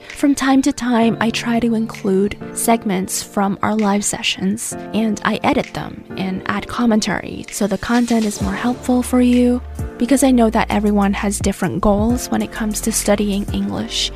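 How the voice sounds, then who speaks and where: A woman hosting an English lesson in a gentle, slow, explanatory way. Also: a little high, steady tone, soft background music. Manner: gentle, explanatory, speaks slowly. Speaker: English teacher and host. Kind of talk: casual lesson talk. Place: based in the US.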